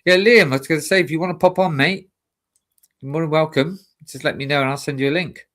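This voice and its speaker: A man's voice: fairly high pitch, steady tone, fast talker, fairly bright tone. Man, from Britain, stream co-host, casual chat, hesitant, lots of fillers. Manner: rambling, hesitant with many fillers. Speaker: livestream co-host.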